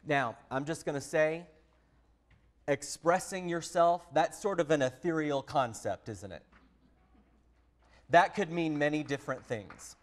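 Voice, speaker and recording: Texan male teacher trainer, slightly high voice, friendly and direct with the room. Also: a little slow, pauses often. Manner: friendly, direct, addresses listeners as a group. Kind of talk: professional development lesson.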